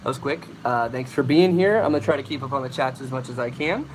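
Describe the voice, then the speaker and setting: A man's voice: medium pitch, fast talker, slight background noise, poor audio. A young man casually hosting a livestream, rambling as he answers chat questions about vocals. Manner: casual, rambling, demonstrates screams.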